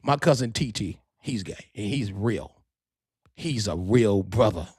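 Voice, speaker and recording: A man hosting a podcast in a casual monologue, animated and profane, full of street slang. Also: on the low side, measured pace, slightly rough, no room sound, studio quality. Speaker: podcast host and DJ.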